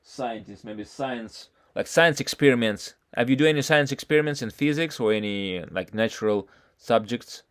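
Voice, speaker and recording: A man tutoring a student in he did not learn first, talking haltingly with many false starts and frequent questions. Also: mid-range voice, fairly bright tone. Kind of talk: casual one-on-one lesson talk.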